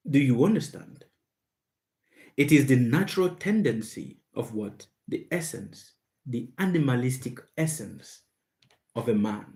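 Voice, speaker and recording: A man hosts a live question-and-answer stream in an unremarkable mid-range voice. He speaks slowly and with heavy emphasis, repeating key words so they sink in. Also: medium pitch, expressive, a little mellow. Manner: slow, emphatic and repetitive, stressing words. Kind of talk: live Q&A monologue.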